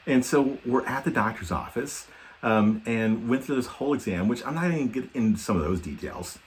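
A man's voice: mid-range voice, a little fast. A middle-aged man co-hosts a casual podcast, telling stories in a rambling, self-deprecating way. His voice sits in an ordinary middle register, and he scatters fillers through every sentence. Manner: rambling, self-deprecating, many ums and likes. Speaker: podcast co-host. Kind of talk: casual storytelling chat.

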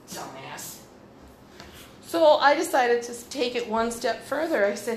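A woman's voice: on the high side, big pitch swings, unhurried, reverberant, slight background noise, low-quality recording. A woman hosting a podcast, telling a story in a blunt, profane and sarcastic way. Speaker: podcast host. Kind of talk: casual storytelling monologue.

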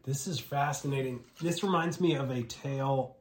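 A man hosting a podcast, chatting casually and pausing often to search for his words. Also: medium pitch, roomy sound. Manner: halting, searches for words with restarts. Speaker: host. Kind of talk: casual interview chat.

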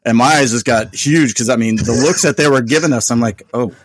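A man's voice: medium pitch, a little fast, breathy edge, no room sound. A man co-hosting a podcast, telling a funny story with frequent laughter. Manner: laughing often, animated. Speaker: podcast co-host. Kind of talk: casual storytelling.

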